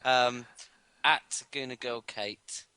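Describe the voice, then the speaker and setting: A man hosting a football fan podcast, chatting casually and swearing excitably about match predictions. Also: mid-range voice, slow, clean tone, no room sound. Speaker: podcast host. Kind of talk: casual sports podcast banter.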